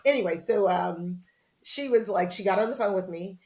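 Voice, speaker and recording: A woman's voice: mid-range voice, moderate pace. A woman journalist, a podcast guest, telling a story casually and acting out the dialogue she quotes. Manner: lively storyteller who acts out quoted dialogue.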